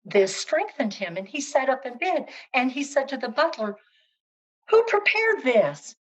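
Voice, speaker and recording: Expressive woman folk-tale storyteller. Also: high-pitched, moderate pace, rough recording. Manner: expressive, rhythmic repetition.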